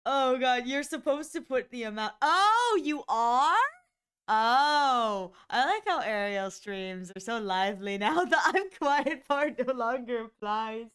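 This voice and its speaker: A woman live-streaming, chatting casually to her viewers with excitable exclamations and frequent giggles. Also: fairly high pitch, a little slow, smooth.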